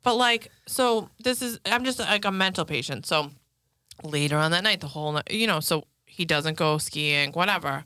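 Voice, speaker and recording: A woman's voice: lowish voice, normal speed, pushed and bright, smooth, no room sound, clean studio sound. A woman in her thirties hosting a podcast, telling frank, profane stories about home life and acting out what people said. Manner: frank and profane, acts out quotes. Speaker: podcast host. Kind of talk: casual storytelling chat.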